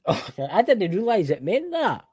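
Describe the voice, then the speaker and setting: Animated Scottish man co-hosting. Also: high-pitched, normal speed, husky, no room sound. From Scotland. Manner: animated, exclaiming, many restarts. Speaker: podcast co-host. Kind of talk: casual chat.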